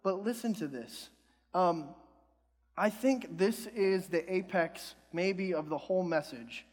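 A man's voice: high voice, slow. A young adult man preaching a sermon in a church hall, in a casual, joking and self-deprecating way. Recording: long hall reverb.

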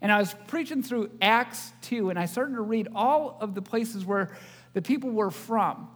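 A man's voice: high voice, moderate pace, long reverb tail. A male pastor giving a sermon, joking with the congregation and asking them questions. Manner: joking, audience-engaging preacher. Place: church.

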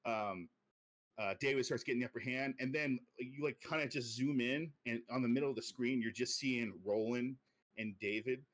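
A young man casually chatting on a podcast, pitching a movie sequel in a rambling way full of fillers. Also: moderate pace. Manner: rambling storytelling with many fillers, drops low and quiet for quoted lines. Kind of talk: casual chat.

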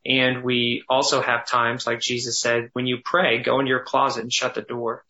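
A man teaching thoughtfully in conversation, often pausing, restarting and slowing down to dwell on phrases. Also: mid-range voice, monotone, sharp tone, highs cut off. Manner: thoughtful, halting with restarts, slows to savor phrases. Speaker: guest teacher on biblical counseling.

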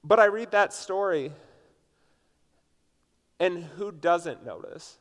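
A man's voice: high voice, lively intonation, takes it slowly. A man from Indiana preaching a conversational sermon as a pastor, telling a personal story in a casual way with frequent "like" fillers. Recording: long reverb from a large hall.

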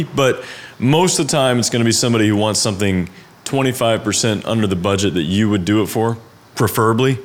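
A man's voice: on the low side, lively intonation, a little fast. A young man, a freelance designer, talking casually in a conversation, rambling and laid-back with lots of fillers and side trails.

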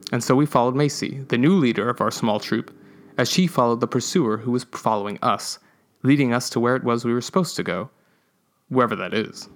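A man hosting a podcast, reading a story aloud in an even, measured way. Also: mid-range voice.

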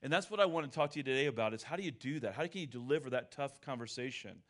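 A man's voice: medium pitch, expressive, very fast, a bit bright. A middle-aged man and pastor preaching a sermon in a candid, conversational storytelling way.

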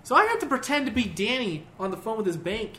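A man's voice: high-pitched, quick pace, slight background noise. A young man casually telling a long story, swearing and laughing a lot. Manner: profane, laughs often, animated.

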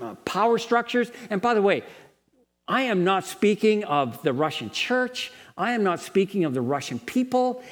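Earnest preacher in a reverberant hall. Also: male voice, high-pitched. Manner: earnest lecturing tone, rising to passionate pleading. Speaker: preacher at a Bible college. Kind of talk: sermon.

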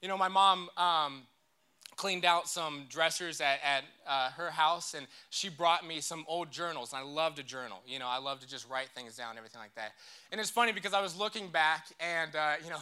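A man's voice: fairly high pitch, bright, forceful tone, clear, resonant tone. A young man giving a casual, joking sermon in church and leading the crowd in call-and-response. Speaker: church speaker.

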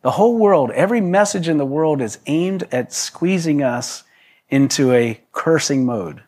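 A man's voice: a little high, lively intonation, measured pace, a little mellow. Chuckling man preaching a casual sermon. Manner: joking asides, chuckles, frequent restarts. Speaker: pastor. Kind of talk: conversational sermon.

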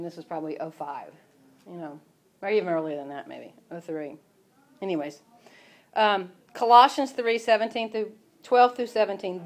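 A woman hosting a casual faith talk, speaking conversationally and quoting scripture. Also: mid-range voice.

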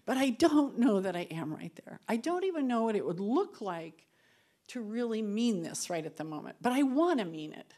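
At a women's Bible study, a woman gives an earnest, conversational devotional talk that ends in prayer. She is emotional, sometimes near tears or laughing through them, and moves between soft and loud. Her fairly high voice has big pitch swings at a normal speed.

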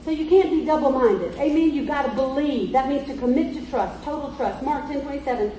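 Woman preacher, high voice, emphatic storytelling sermon, heard from a distance in an echoey church with faint noise. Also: brisk, warm tone.

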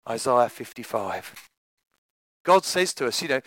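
A man's voice: mid-range voice, sing-song, unhurried, pauses often, a bit bright, dry recording, low-quality recording. A man preaching a sermon in a chatty way, joking with his congregation.

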